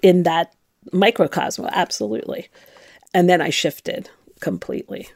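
Middle-aged woman, ex nun telling her story straight, gravelly voice, dry sound. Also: fairly low pitch, unhurried, dry recording. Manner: candid, reflective, emphatic. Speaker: interviewee, former nun. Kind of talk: personal storytelling.

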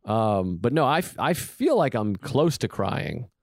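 A man's voice: medium pitch, big pitch swings, unhurried, no echo, studio quality. A man hosting a podcast, talking candidly in a rambling, self-deprecating casual chat. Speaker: podcast host.

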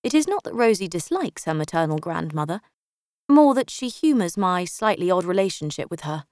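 A woman's voice: fairly low pitch, big pitch swings, moderate pace, a little mellow, no echo, clean studio sound. Wry woman narrating. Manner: wry, dryly sardonic storytelling. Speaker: audiobook narrator. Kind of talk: first-person scripted narration.

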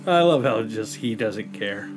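Animated male tabletop player. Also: on the low side, poor audio. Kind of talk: casual tabletop banter.

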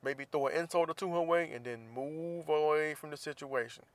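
A man's voice: on the high side, normal speed, dry recording. A man hosting a casual solo podcast, venting bluntly and profanely about college football. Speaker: podcast host.

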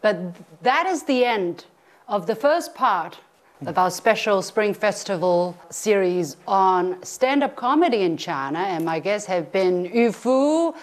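A woman hosting a television panel discussion, brisk as she moves the talk along and wraps up. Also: mid-range voice, lively intonation. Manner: brisk, wraps up and introduces guests. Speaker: TV talk show host.

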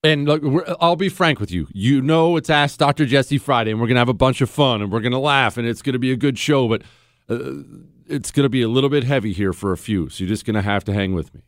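A man hosting a talk radio show, delivering a sarcastic, animated monologue into a studio mic. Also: mid-range voice, fast, no room sound.

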